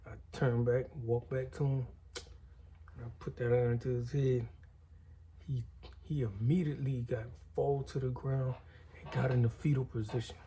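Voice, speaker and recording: A man's voice: mid-range voice, flat delivery, moderate pace, warm tone, slight background noise. A man telling a story in a loose, slangy and profane way. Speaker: guest storyteller. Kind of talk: casual storytelling.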